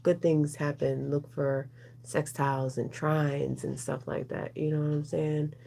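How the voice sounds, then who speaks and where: A woman's voice: deep voice, little pitch movement, unhurried, creaky, mellow. A woman doing a casual, rambling oracle card reading, chatting with her viewers as she goes. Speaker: tarot reader.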